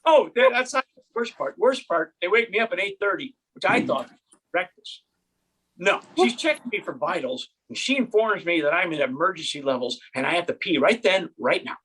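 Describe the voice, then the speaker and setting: A male comedian tells a story in wry, deadpan stand-up style, his pitch swinging widely from line to line. His voice is bright and a little husky, and he performs it from home. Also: a little fast.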